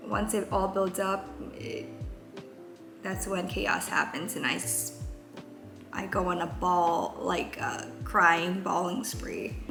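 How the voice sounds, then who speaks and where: A young woman in her twenties talking candidly in a casual vlog, rambling with many fillers. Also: medium pitch. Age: 20s. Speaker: vlogger. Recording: roomy echo, faint music.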